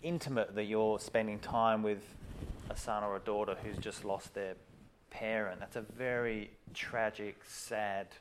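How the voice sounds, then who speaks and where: Encouraging podcast host. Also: male voice, lowish voice, steady tone, a little slow, a little hiss or hum. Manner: encouraging, swears casually, restarts often. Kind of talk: casual interview chat.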